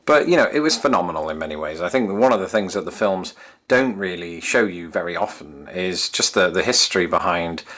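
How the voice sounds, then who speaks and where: Speaking fairly quickly in a low, slightly bright voice with lively intonation, this English YouTube host in his thirties looks back on the past. He chats to his viewers in a wry, self-deprecating way.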